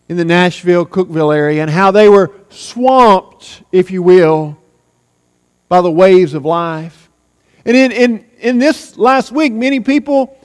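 A man's voice: very high voice, big-room sound. A man preaching a sermon earnestly, with rising and falling emphasis.

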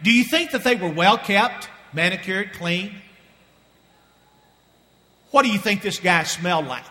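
A man's voice: high voice, expressive, measured pace, pushed and bright, in a large hall. A man preaching a sermon in a church, telling a Bible story and firing questions at the congregation. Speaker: pastor. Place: church sanctuary with balcony.

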